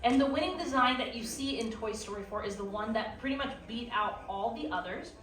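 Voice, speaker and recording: Fairly high-pitched and a bit bright, this young woman talks fairly quickly as she runs a live drawing lesson, joking around and using lots of filler words. She's an art teacher in a theme park classroom with an audience, captured from far off in an echoey space with slight background noise.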